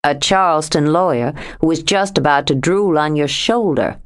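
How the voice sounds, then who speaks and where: A woman narrator voicing a stubborn, jealous young man who speaks low and coaxing. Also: moderate pace, lightly acted. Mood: jealous, firm.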